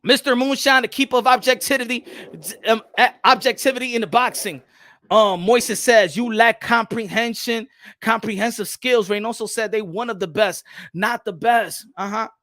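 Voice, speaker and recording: A man hosting a boxing channel, giving animated livestream commentary, switching between English and Spanish and repeating phrases for emphasis. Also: high voice, normal speed, dry recording, studio quality.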